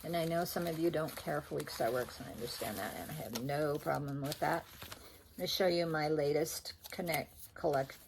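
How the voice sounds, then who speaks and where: At home indoors, an older woman chats about her stitching in a casual show-and-tell vlog, her deep, gravelly voice moving a little fast over slight background noise. Rambling and chatty, she shows off her threads and frequently corrects herself.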